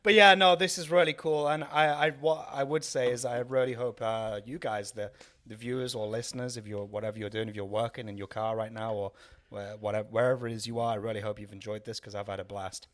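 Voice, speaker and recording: A man's voice: fairly low pitch, steady tone, quick pace, fairly bright tone. Rambling man, co-hosting. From Wales. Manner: rambling, self-deprecating, many restarts. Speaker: podcast co-host. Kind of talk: casual chat over drinks.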